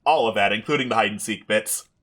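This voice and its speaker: A man narrating as game master of a tabletop game, relaxed with frequent fillers. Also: fairly low pitch, fast.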